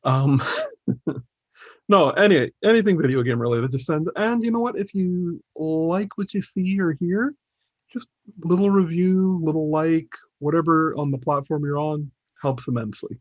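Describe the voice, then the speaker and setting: A man's voice: a little high, a little slow, no echo. A man co-hosting a casual gaming podcast, rambling with many fillers and chuckles. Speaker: podcast co-host. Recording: dull, dry podcast audio.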